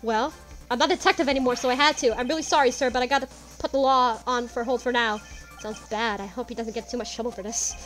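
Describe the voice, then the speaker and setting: A woman's voice: fairly high pitch, fairly even intonation, quick pace, fairly bright tone, faint music behind, lightly acted. A woman voicing a clumsy, loyal male police detective in a courtroom game, talking in an apologetic, folksy way. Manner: apologetic, folksy, says "pal".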